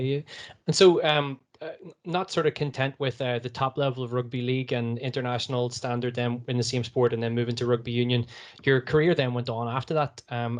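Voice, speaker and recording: A man interviewing a guest, asking questions hesitantly with many fillers. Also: medium pitch.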